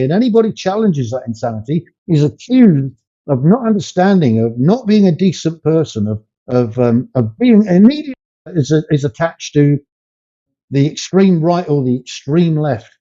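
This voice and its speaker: An older man talking as a podcast guest, emphatic, his voice climbing when he makes a point. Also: warm tone. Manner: emphatic, rising in pitch when making a point. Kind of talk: conversational interview. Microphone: video call. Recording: muffled lo-fi remote call audio.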